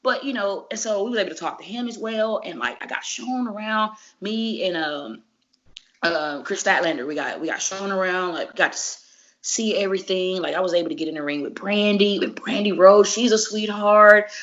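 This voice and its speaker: A woman wrestler in a casual interview, telling stories in an animated, slangy and profane way. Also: medium pitch, moderate pace. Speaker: wrestler guest. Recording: dull lo-fi recording.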